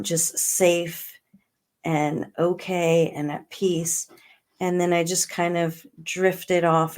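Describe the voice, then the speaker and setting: A middle-aged woman, a guest in an interview, telling a personal story in earnest, slowing down on emotional words and laughing now and then. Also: on the low side. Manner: earnest, slows right down on emotional words, laughs between lines.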